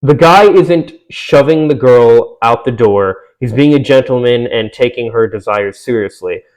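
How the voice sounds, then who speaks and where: A man's voice: medium pitch, a little slow, darkish tone, poor audio. Exasperated, sweary young man commenting. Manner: sarcastic, exasperated, swears often. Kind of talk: reaction commentary reading an article aloud.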